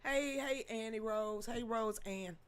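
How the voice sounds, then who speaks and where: With a clear, resonant voice at a fairly high pitch, a woman speaks a little slowly as she hosts a live news stream. Her commentary is emotional and profane, full of stammering repetitions, and she greets people in the chat by name.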